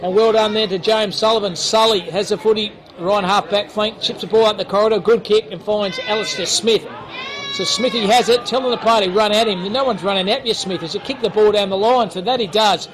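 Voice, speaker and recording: A man's voice: sits high, fairly even intonation, brisk, fairly bright tone. An Australian man calling a local football match live outdoors, joking and bantering between plays. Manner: jokey, chatty banter between calls. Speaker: football commentator.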